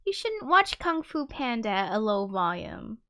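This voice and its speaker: A woman's voice: a little high, big pitch swings, a little slow, bright, forceful tone. A woman musician chatting casually to viewers on her live stream, rambling with lots of fillers and swearing and reading out viewer comments. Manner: reads viewer comments aloud.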